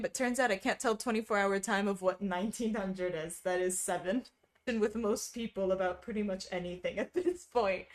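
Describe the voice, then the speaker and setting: A young woman streaming, chatting casually with her viewers, reading their messages aloud and laughing often. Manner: chatty, reads chat aloud, laughs often, lively pitch swings. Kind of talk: casual chat with live chat.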